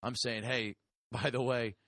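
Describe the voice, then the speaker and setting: A man's voice: mid-range voice, fairly even intonation, measured pace, creaky, a bit bright, dry recording, clean studio sound. A man putting on a brash, crude, blustering interrupter for a comedy podcast bit, rambling and profane. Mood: crude bragging. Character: brash crude male interrupter, pushy and loud.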